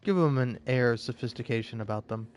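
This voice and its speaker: A man's voice: mid-range voice, fast, darkish tone, slight background noise. An American man giving rambling, jokey commentary while playing a game, stammering now and then as he talks. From United States. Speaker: gaming streamer. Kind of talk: casual gameplay commentary.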